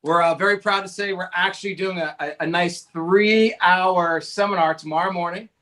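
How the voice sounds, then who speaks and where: A man from New Jersey talking as a guest on a talk show in an energetic, chatty way. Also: high voice, moderate pace. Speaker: guest speaker. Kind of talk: conversational interview talk.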